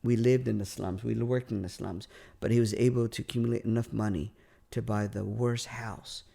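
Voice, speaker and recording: Gravelly male storyteller. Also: fairly low pitch, moderate pace. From California. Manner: animated storyteller, repeats words, laughs at own punchlines. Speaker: podcast guest, comedian. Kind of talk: storytelling in casual podcast chat.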